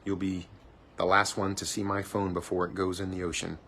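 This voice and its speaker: A low-voiced man narrates a live stream in loose, playful chatter, poking fun at himself as he goes. He holds a phone on an outdoor cruise ship balcony, and a faint hum of open air sits behind him. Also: level tone, fairly quick, fairly bright tone. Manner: chatty, playful, self-mocking banter. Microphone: handheld phone.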